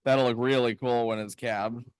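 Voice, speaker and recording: A man's voice: medium pitch, fairly even intonation, normal speed, smooth, dry recording, clean studio sound. A man co-hosting a casual live stream from a lapidary shop, upbeat and chatty as he answers viewers. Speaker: co-host of a live rock-cutting stream.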